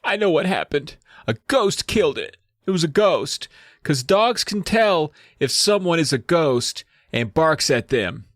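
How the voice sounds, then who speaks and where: A shrill, squeaky little boy of five, weepy and fretful, his voice jumping way up high as he frets, put on by a man. The dry, close sound keeps every whimper up front. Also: big pitch swings, unhurried, no echo. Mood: eager.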